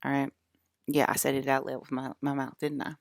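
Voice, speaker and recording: A woman with a low, deeply gravelly voice rambles to her viewers in a casual vlog. She hammers her points home by saying them again and again, talking straight at the audience. The sound is dry and close. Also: level tone, fairly quick, no room sound. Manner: emphatic, repeats herself, addresses viewers directly. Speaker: vlogger.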